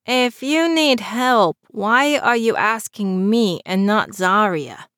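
A woman's voice: mid-range voice, animated, takes it slowly, a bit bright, clear, resonant tone, no echo, clean studio sound. A woman doing a whiny, wry young man. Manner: whiny, sarcastic.

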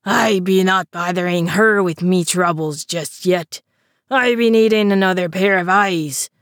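A woman's voice: fairly low pitch, unhurried, no echo, clean studio sound, close to an everyday voice. A woman doing a growling male river troll. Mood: gruff. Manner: broken grammar, growling. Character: gruff male river troll, webbed hands.

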